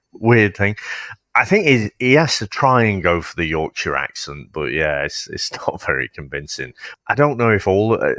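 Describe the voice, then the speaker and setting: A man with a lowish voice talking about a film in casual chat. He is blunt and swears a lot, restarting sentences as he works through his thoughts. The recording is dry and close. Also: fairly bright tone, no echo. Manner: blunt, heavy swearing, thinking aloud with restarts. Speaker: podcast host.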